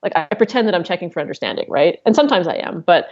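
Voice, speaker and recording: A woman's voice: lowish voice, sing-song, racing, dull audio. A woman coach speaking as an interview guest, explaining her methods candidly and swearing casually.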